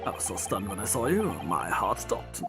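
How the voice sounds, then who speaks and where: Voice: low voice, sing-song, moderate pace, music in the background, pitched below the performer's own voice. A fan dubber playing a sly male police inspector working undercover, speaking in a dry, teasing way in a game dub. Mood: calm.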